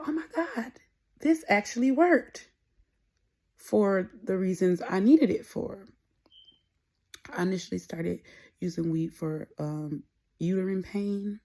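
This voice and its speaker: A woman's voice: on the low side, mellow. A young adult woman hosting a podcast, talking alone in a candid, rambling, conversational way. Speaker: podcast host. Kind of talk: casual solo monologue.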